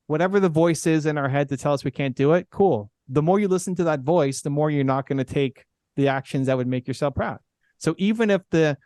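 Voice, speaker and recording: A man's voice: on the high side, darkish tone, no room sound, clean studio sound. A middle-aged man, a podcast guest, telling a candid personal story in an earnest way, full of "like" and "right?".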